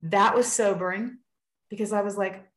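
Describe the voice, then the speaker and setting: A woman's voice: mid-range voice, steady tone, normal speed, reverberant, rough recording. A woman sharing a personal faith story in casual talk on a video call, earnest and acting out what people said. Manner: earnest storytelling with acted-out quotes.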